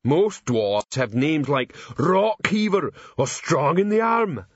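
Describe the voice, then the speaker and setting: A man voicing a slow-witted, earnest male troll sergeant who speaks slowly and ungrammatically. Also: fairly high pitch, very animated, slightly rough, no room sound, highs cut off, pitched above the performer's own voice, heavily acted.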